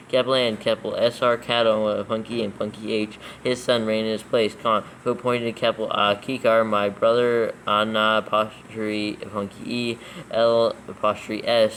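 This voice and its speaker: A man with a lowish, fairly bright voice reads scripture aloud for proofreading, dictating it steadily and naming each punctuation mark and capital letter. The audio is poor, with a little hiss or hum.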